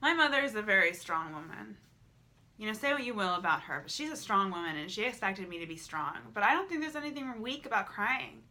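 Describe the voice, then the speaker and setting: Bright-voiced emotional young woman vlogger. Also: mid-range voice, expressive, a little fast. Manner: emotional, repetitive, swearing freely. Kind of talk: candid vlog monologue.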